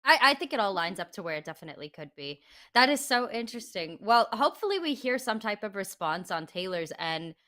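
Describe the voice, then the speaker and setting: A woman's voice: mid-range voice, sing-song, fairly quick, pushed and bright. A woman co-hosting a casual celebrity news chat, upbeat and chatty, laughing often. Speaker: co-host.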